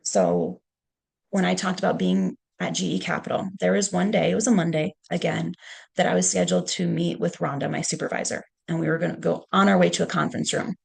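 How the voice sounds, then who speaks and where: A middle-aged woman with a deep, heavily gravelly voice and a husky edge. She speaks in a conversational storytelling manner and often checks in with "okay". This is a leadership presentation. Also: lively intonation, a little fast, darkish tone. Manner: conversational, punctuates points with "okay".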